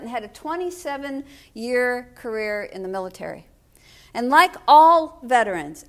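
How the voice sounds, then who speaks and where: Older woman pastor, sermon, storytelling, wry humor, high voice. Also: fairly bright tone.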